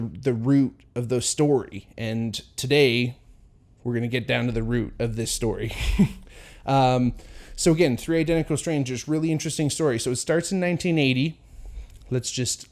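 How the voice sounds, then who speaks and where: A man's voice: mid-range voice, a little mellow. Male podcast host, mid-range voice, loose storyteller, heavy on fillers, acts out the quotes. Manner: rambling, many fillers, acts out quotes with chuckles. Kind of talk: casual solo podcast storytelling.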